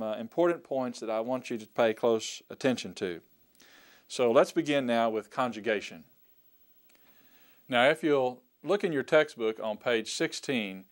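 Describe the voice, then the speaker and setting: A man teaches a recorded Greek lesson in a smooth, resonant voice at a middle pitch. He speaks slowly and deliberately and says each word and its meaning twice. He explains patiently, the way a teacher walks students through vocabulary. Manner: slow, deliberate, repeats words for emphasis.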